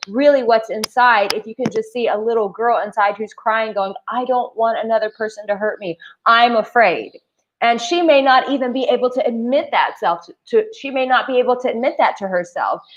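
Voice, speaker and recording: Her voice is a little high and a little fast with few pauses, recorded lo-fi with slight background noise. She is a dating coach in Bali, chatting to camera with casual, emphatic advice peppered with "like."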